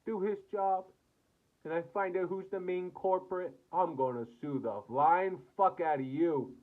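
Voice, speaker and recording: This American vlogger, from the United States, rants angrily at the camera, swearing throughout and saying things over again. He talks a little slowly in a high-pitched voice. The sound is thin and phone-like.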